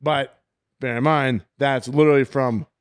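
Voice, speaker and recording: A man's voice: medium pitch, steady tone, normal speed, clear, resonant tone, dry recording, clean studio sound. A man co-hosting a casual chat show, telling stories and acting out quotes. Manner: chatty storyteller, acts out quotes. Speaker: podcast co-host.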